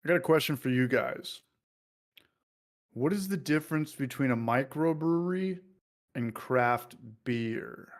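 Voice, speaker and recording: A man's voice: medium pitch, measured pace. Joking man hosting a beer livestream. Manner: loose and joking, reads viewer comments aloud. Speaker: livestream host. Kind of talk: casual livestream chat.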